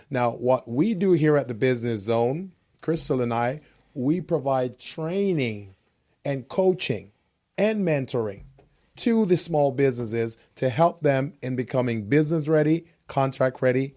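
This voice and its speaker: A man co-hosting a talk radio show, hoarse from a cold, easygoing and quick to laugh. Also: mid-range voice, dark tone.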